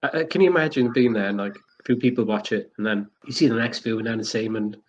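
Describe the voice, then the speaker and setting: Co-host, young man, husky voice, jokey and animated banter. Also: quick pace, lo-fi sound. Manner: joking, animated, rises in pitch when amused. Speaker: podcast co-host. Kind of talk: casual chat.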